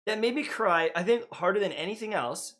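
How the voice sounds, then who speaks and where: A man's voice: high-pitched, animated, brisk, fairly bright tone. A young man co-hosting a gaming podcast, telling rambling, self-mocking stories in casual chat. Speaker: podcast co-host.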